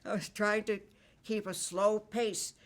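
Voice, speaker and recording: A man's voice: high-pitched, level tone, measured pace, fairly bright tone. A man looking back on acting in an old film, reflective and amused. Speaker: actor interviewed. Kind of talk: interview recollection.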